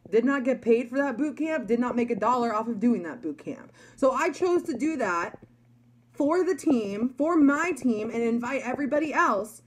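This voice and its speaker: Young woman, slightly high voice, chatty motivational vlogger. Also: animated, moderate pace, husky. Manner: chatty, emphatic, many likes and you guys. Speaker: network marketer. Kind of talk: motivational talk to followers.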